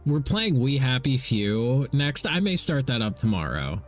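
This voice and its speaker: Loud, excitable man streaming games. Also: mid-range voice, a little slow, soft background music. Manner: loud, excitable, profane ranting. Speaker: gaming streamer. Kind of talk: casual stream chat.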